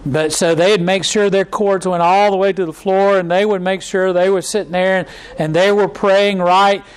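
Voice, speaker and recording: High-voiced man preaching a casual sermon. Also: fairly even intonation, normal speed, clean tone, low-quality recording. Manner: conversational preaching, many fillers and restarts, mocking impressions. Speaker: pastor. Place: church.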